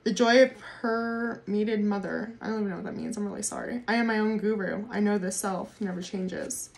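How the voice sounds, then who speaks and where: A woman doing a casual tarot reading to camera, excitable, swearing freely and laughing often. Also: mid-range voice, brisk, gravelly. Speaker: tarot reader.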